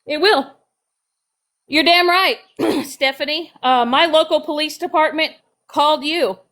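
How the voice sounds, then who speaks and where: A woman's voice: sits high, unhurried, fairly bright tone. A woman hosting a live stream, ranting bluntly and profanely and confronting her critics directly. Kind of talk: heated live stream rant.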